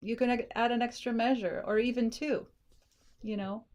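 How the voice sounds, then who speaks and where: Woman, songwriting coach, slightly high voice, casual feedback, sings bits of lyrics, slight frog in throat. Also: fairly even intonation, moderate pace, darkish tone. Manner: thinks aloud, sings lines to demonstrate phrasing.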